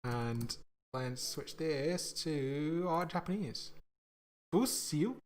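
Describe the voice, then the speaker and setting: A man streaming himself coding, thinking aloud in a casual, halting way, often trailing off and laughing at his own mistakes. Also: fairly high pitch, lively intonation, darkish tone. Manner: slow, halting, self-mocking, laughs at himself.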